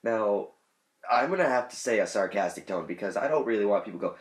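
Deep-voiced joking man in an echoey room. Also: expressive, quick pace. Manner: joking, rambling, trails off into mumbles. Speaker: gaming channel host. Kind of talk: casual chat.

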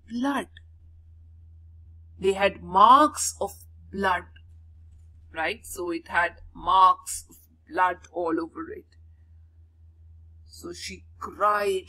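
A teacher, reading a story to pupils and explaining words by repeating them and giving synonyms. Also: female voice, medium pitch, a bit bright, rough recording. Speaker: English teacher. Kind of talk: reading a school lesson aloud and explaining words.

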